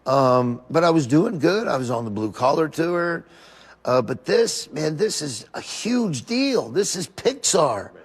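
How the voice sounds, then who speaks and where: A tearful man, a comedian, laughing through his tears as he tells his story. His voice sits a little high, and the podcast clip carries a long reverb tail. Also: sing-song, a little slow, husky. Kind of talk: casual interview storytelling.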